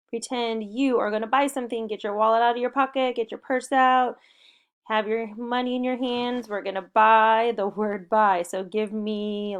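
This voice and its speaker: A woman's voice: fairly high pitch, clean tone. A woman teaching a spelling lesson to young children, giving upbeat and encouraging step-by-step instructions. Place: home recording.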